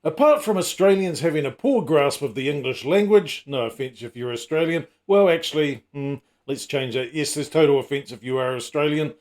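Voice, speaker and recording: A man's voice: on the high side, animated, a little fast, hardly any pauses, a little mellow. A middle-aged man hosting a casual comedy vlog, full of wry, self-mocking asides and teasing jokes. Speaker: channel host.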